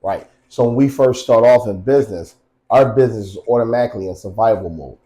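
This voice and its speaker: A man's voice: fairly low pitch, quick pace, mellow, low-quality recording. A man co-hosting a casual podcast, telling stories and teasing with blunt, profane talk. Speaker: co-host.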